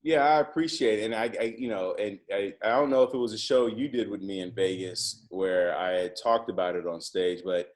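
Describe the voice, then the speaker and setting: A man's voice: fairly low pitch, fairly quick, hardly any pauses. A man talking as a guest on a podcast, a coach speaking casually with many restarts and fillers. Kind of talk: casual interview chat.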